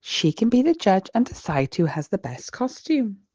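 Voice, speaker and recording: British woman voicing jolly dad pig, hearty, lively lilt. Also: medium pitch, moderate pace, dry recording, muffled recording. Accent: British English. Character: jolly father pig, good-natured.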